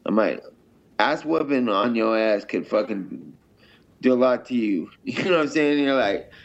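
A man's voice: mid-range voice, animated, normal speed, gravelly, highs cut off. A man who fights professionally, talking in a casual interview in a brash, rambling, heavily profane way.

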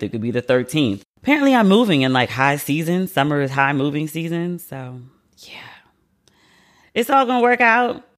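A man with a mid-range voice chats as the host of a podcast. He is loose and expressive, rambling between plans with casual swearing and self-mocking laughs. He speaks at an easy, everyday pace. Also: mid-range voice. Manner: chatty and expressive, swears freely, laughs at himself. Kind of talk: casual chat.

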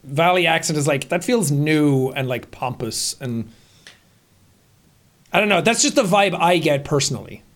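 A man's voice: on the high side, animated, normal speed, fairly bright tone. Sarcastic chatty man. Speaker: podcast co-host. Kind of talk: casual chat.

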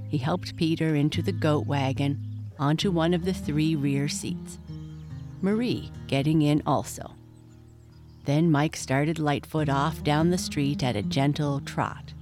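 A woman narrating a children's story in a steady, clear reading voice. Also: sits low, a little slow. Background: faint guitar music.

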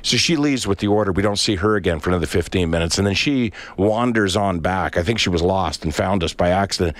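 A middle-aged man from Canada, with a voice pitched a little low, spins a long personal anecdote in relaxed chat. He slips into the voices of the people in his story as he tells it. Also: quick pace. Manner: animated anecdote with acted-out voices.

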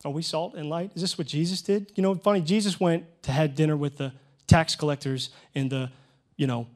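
Earnest youth pastor, higher-voiced man. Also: fairly even intonation, fairly quick. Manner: earnest, emotional storytelling with sudden loud rises. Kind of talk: preaching a sermon.

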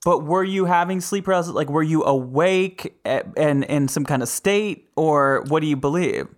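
A podcast host on a video call, curious and quick with reactions and questions. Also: mid-range voice. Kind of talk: casual interview chat.

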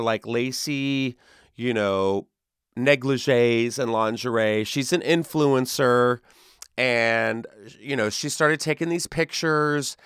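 A young man riffing on a comedy podcast, playful and jokey. His voice sits a little high and sounds smooth and clear. The sound is dry and close, with no room echo. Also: fairly bright tone. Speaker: podcast co-host.

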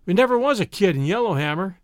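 A mock-grand Western camp man who puffs up his words in a florid, formal way , as a man reading the story puts him on. The voice sits fairly high with a lot of movement, and the recording is dry. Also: lively intonation, fast talker, dry recording. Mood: explaining.

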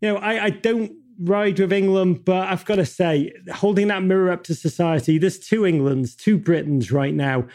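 A man's voice: high voice, moderate pace, few pauses, a little mellow. A man speaking as an interview guest, emphatic and impassioned, building rhetorical lists and swearing casually. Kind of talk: passionate interview talk.

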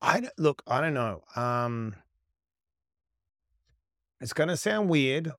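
A middle-aged man, a podcast guest, telling stories in an animated, profane way and acting out quoted lines. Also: medium pitch, no echo, clean studio sound. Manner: profane, emphatic, acts out quotes. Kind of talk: animated storytelling.

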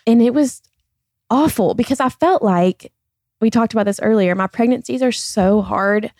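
A woman's voice: a little high, normal speed, a little mellow, no echo, studio quality. A woman in her thirties who talks earnestly in a candid personal conversation as a podcast guest, often saying "like" and "I feel like.".

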